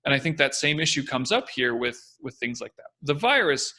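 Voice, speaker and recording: A young man co-hosting a casual talk, explaining ideas in an animated way and acting out confident and hesitant voices. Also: mid-range voice, a little fast. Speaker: podcast co-host. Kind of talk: casual discussion.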